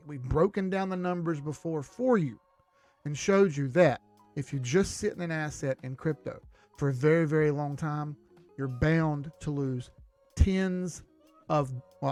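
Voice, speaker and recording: A man's voice: on the high side, a little mellow, dry recording. A man teaching trading rules to viewers in an emphatic, direct way. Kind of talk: instructional talk to viewers.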